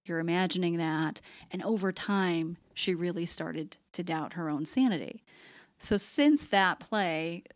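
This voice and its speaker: A middle-aged woman therapist hosts a podcast, explaining ideas in a conversational way. Her voice sits on the low side and the recording is dry and close. She slips into quoted phrases now and then. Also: takes it slowly, no room sound. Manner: acts out quoted phrases in a shifting voice.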